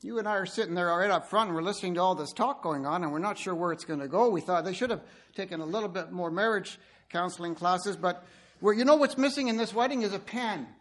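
Guy preaching with a high voice, animated, tells stories right at the crowd. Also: fast. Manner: animated storytelling, addresses listeners directly. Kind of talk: sermon.

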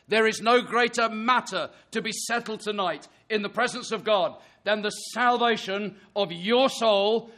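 A man's voice: sits high, a bit bright. A man preaching an earnest sermon, reading scripture and pressing his listeners with emphatic rhetorical questions.

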